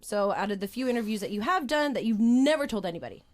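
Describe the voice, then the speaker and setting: Female interviewer, bubbly and giggly, fairly high, very lively pitch, reads fan questions. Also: fast talker. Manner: bubbly, giggly, reacting with gasps and exclamations. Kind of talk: casual interview chat.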